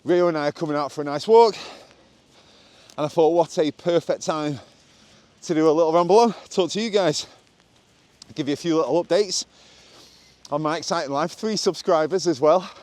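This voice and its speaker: Bloke, slightly higher voice, rambling self-mocking chat on a walk, handheld camera. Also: male voice, normal speed, a little mellow. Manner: chatty and self-mocking, breaks into laughter. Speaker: vlogger. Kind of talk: rambling walk-and-talk vlog. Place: outdoors on a country walk.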